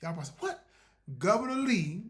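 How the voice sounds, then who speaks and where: Bright-voiced older storyteller man. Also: high-pitched, fairly quick. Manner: preacherly, exclaiming, slipping into character voices. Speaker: podcast host and storyteller. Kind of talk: comic tall-tale storytelling.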